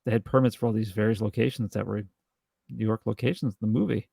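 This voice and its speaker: A man with a low, gravelly, mellow voice talks casually through a film review, wandering through his thoughts with many restarts. The sound is dry and close. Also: fairly even intonation, fast, dry recording. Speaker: podcast co-host.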